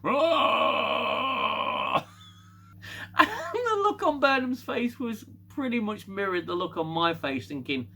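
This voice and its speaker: A man's voice: high-pitched, expressive, measured pace, sharp tone, a little hiss or hum. A man casually recapping a TV episode, rambling with restarts and laughing often. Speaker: TV show reviewer.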